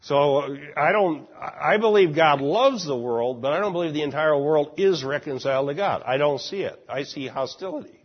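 Man, Bible class teacher, husky voice, slightly raised pitch, muffled lo-fi recording. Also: lively intonation, normal speed, hardly any pauses. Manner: explanatory, asks the class questions. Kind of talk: Bible class lecture and discussion.

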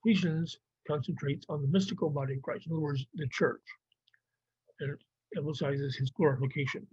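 A man's voice: fairly high pitch, steady tone, a little fast, a little mellow, slightly rough, no echo. A man teaching a Bible survey lesson, explaining plainly with some fillers and restarts. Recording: dry, muffled lo-fi recording.

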